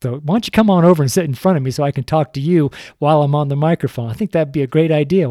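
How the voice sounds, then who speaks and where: Speaking fast with few pauses, an older man with a fairly high, warm voice gives a sermon into a studio microphone for a recorded sermon show. A longtime street preacher, he stumbles over words, chuckles frequently and is self-deprecating. The audio is studio quality with no echo.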